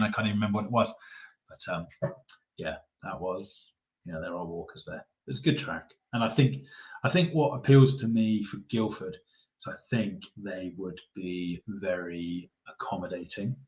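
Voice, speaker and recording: A man chatting casually on a live stream as a golf YouTuber, rambling and reading viewer comments aloud. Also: lowish voice. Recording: roomy, dull lo-fi sound.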